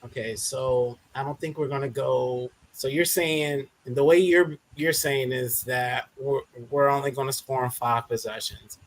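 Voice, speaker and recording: A man's voice: mid-range voice, steady tone, measured pace, few pauses. Joking man on a sports podcast. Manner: joking, loose, playful. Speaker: guest analyst. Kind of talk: casual sports podcast chat.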